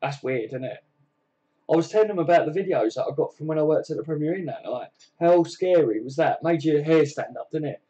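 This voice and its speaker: A man's voice: fairly high pitch, expressive, brisk, dark tone, husky, dull audio. Chatty man hosting a livestream. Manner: chatty, friendly, lots of fillers and "mate". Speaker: livestream host. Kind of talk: casual livestream chat, reading viewer comments. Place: at home.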